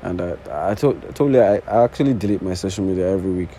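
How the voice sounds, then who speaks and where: Rapid-fire and low in a dark tone, an early-twenties podcast host with a non-native English accent rambles alone while sitting on the floor. He's casual, swears frequently and makes repeated false starts, and the low-quality recording has a little hiss or hum.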